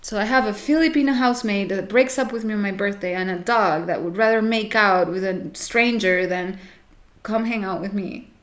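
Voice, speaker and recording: A woman's voice: mid-range voice, moderate pace. A woman vlogging to camera in casual chat, rambling with self-mocking, dramatic complaints.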